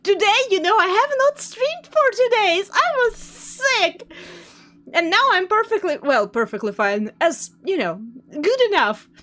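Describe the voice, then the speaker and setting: A young woman streaming a game live, commenting excitably, laughing often and jumping at scares. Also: very high voice, unhurried.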